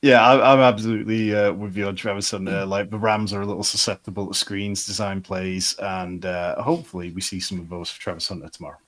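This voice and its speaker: Low-voiced analytical male co-host. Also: fairly even intonation, fairly bright tone. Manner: measured and analytical. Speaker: fantasy football analyst co-host. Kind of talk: live casual sports advice chat.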